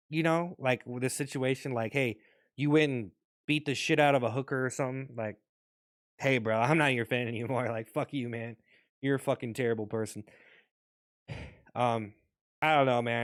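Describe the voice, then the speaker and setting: A man's voice: mid-range voice, fairly bright tone, no room sound, clean studio sound. A young adult man vlogging in a rambling, profane casual rant, often restarting his sentences.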